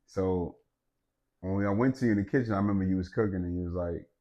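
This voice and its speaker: A man telling a personal story in casual chat, animated, swearing and laughing, swinging from loud outbursts to low, quiet stretches. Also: quick pace, muffled recording. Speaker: podcast co-host.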